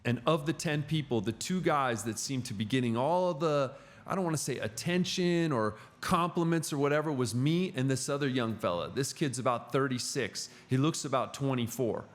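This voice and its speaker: A middle-aged man sits in as a podcast guest, chatting casually. He tells his stories with animated energy at a middle pitch. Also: moderate pace. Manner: animated storyteller. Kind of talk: casual conversation.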